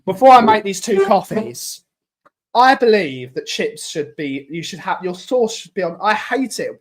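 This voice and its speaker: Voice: mid-range voice, very animated, normal speed. Opinionated live-stream host. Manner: opinionated, emphatic rants. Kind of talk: casual live-stream chat.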